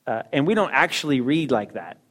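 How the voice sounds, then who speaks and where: A middle-aged man teaching in a casual, conversational way, talking about reading books and speaking straight to his listeners with quick asides and rhetorical questions. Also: mid-range voice, very animated, a bit bright. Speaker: teacher discussing a book on reading.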